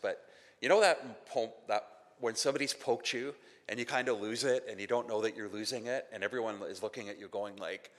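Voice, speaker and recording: A man's voice: fairly low pitch, fairly bright tone. A Canadian man preaching a sermon as a pastor, telling conversational, self-deprecating stories and acting out quotes. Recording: long hall reverb.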